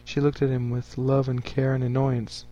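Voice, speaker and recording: A man reading a story aloud for a podcast in a steady, even manner. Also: medium pitch, normal speed, muffled recording, soft background music.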